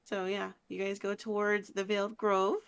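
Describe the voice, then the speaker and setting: A woman's voice: medium pitch, flat delivery, normal speed, clear, resonant tone. A woman narrating as game master over an online voice chat, giggly and tripping over her words.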